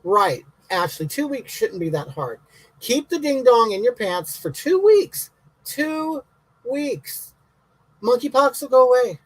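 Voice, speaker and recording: A man's voice: very high voice, sing-song, slow, no room sound, exaggerated voice, low-quality recording. A man playing a brash, bigoted elderly woman who answers viewers' comments in a comic livestream, talking in blunt, indignant, rambling rants.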